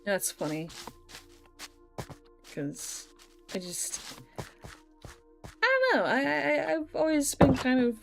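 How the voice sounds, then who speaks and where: A woman livestreaming a video game chats casually, swears freely, and reads chat messages aloud, with faint music behind her. She is very animated yet slow, with vocal fry and frequent pauses. As a streamer, she has a medium-pitched voice she wishes were deeper.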